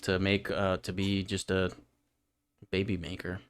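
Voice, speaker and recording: Young man from northern New York, low smooth voice, fast and profane, podcast co-host. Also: completely flat delivery. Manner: fast-talking, swears casually. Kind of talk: casual chat.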